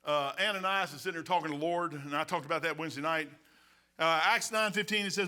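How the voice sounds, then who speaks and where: A male pastor preaching a sermon in church, telling stories in an animated, colloquial way. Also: on the high side, quick pace. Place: church, behind the pulpit.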